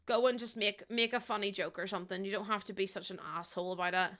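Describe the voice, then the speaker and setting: A woman's voice: medium pitch, fairly even intonation, fast, bright, forceful tone. A young adult woman, chatting heatedly to her live chat while she builds in a game. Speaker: live streamer.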